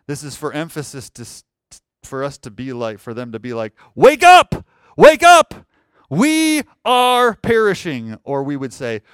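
Acting out panicked cries and firing rhetorical questions at his congregation, a pastor preaches with animation. His voice is a little high, and the recording is dry.

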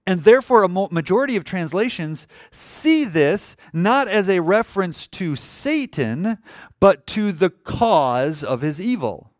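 A man preaching a sermon as a pastor, moving between quiet, hushed passages and loud, emphatic calls. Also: high voice, no room sound, clean studio sound. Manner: emphatic, swings from hushed to shouting.

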